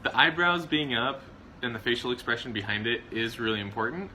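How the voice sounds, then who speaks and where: A man with a very bright, forceful voice talks through a relaxed, rambling chat about marriage. He laughs often and restarts his sentences. A faint hiss of noise sits under the recording. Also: medium pitch, fairly quick, low-quality recording. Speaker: co-host of a marriage channel. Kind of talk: casual chat.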